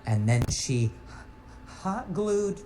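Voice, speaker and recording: A young man doing a stand-up storytelling set, animated, often restarting and repeating words. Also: a little high, drawn-out words, noisy background. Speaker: stand-up comedian.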